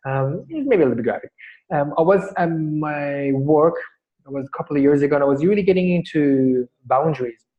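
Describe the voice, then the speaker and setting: A man's voice: on the high side, narrow, tinny audio. A man coaching a workshop, telling a story and explaining, with frequent restarts. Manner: rambling, restarts often, tells stories. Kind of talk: workshop teaching.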